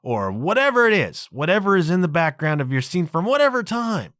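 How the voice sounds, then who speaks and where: A man's voice: sits high, very animated, a little fast, a bit bright, dry recording. A man in his fifties hosting a solo podcast, talking casually and chattily with frequent asides to his listeners. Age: 50s. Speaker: podcast host.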